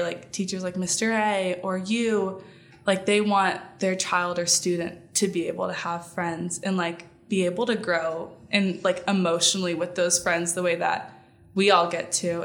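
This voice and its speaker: A woman's voice: lowish voice, level tone, normal speed, a bit bright. A young woman on a podcast, telling stories in a casual chat, rambling with lots of fillers and frequent laughs. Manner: giggly, rambling storyteller with many fillers. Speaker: guest, friend.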